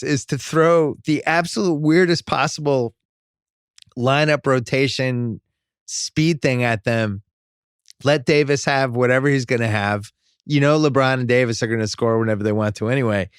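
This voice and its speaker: A male podcast host talking sports in a casual, joking way, firm in his opinions and quick to restart a thought. His voice sits in a middle pitch and is recorded dry and close on a studio mic. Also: no room sound.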